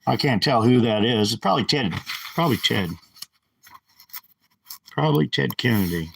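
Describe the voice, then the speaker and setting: A man's voice: medium pitch, expressive, normal speed, creaky, a bit bright, breathy edge, poor audio. A man ranting angrily on a livestream, agitated and repetitive, talking into a handheld phone. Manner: agitated, ranting, repeats himself. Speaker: live streamer. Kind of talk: angry livestream rant.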